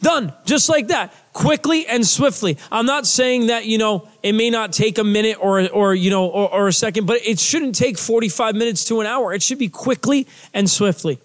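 A man with a notably high speaking voice preaches a sermon in a loose, chatty way. He stumbles into fillers and restarts, then hammers home the same short phrases again and again. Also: normal speed, few pauses. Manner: emphatic repetition of key phrases. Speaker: pastor.

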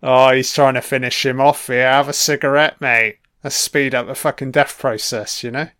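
Man, casual movie commentator, resonant voice, mid pitch, cheeky and profane. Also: steady tone, moderate pace, a bit bright, clean tone, dry recording, studio quality. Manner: swears freely, rambling asides, chuckles. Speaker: film commentator.

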